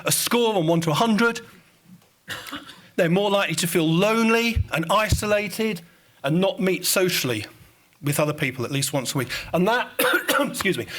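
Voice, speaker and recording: Male conference speaker, Estuary English accent, higher voice, informal and audience-facing. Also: fairly bright tone. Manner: informal, addresses audience directly. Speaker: conference speaker presenting research. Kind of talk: conference presentation.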